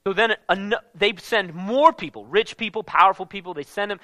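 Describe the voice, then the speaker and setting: A man preaching a casual Bible-teaching sermon in an animated, conversational way, with slang mixed in. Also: high voice, normal speed, hardly any pauses, dry recording.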